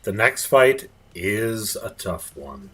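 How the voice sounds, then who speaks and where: A man leading a game raid over voice chat, calmly giving directions to players. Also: lowish voice, slow pace, slightly rough. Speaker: raid leader.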